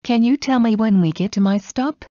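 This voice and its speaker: A woman reading everyday English phrases aloud one at a time, in slow, evenly spaced delivery for learners. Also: fairly high pitch, dark tone, dry recording. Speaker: English teacher. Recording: dull, dry lo-fi audio.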